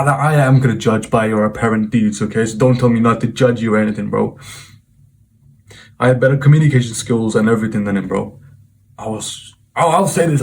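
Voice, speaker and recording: A young man speaks straight to his viewers at an everyday mid-range pitch. He tells a personal story in a loose, informal way, keeps tossing in "bro", and turns reflective and earnest as he draws a lesson from it. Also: darkish tone. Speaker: self-improvement vlogger and coach. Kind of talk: casual storytelling monologue to camera.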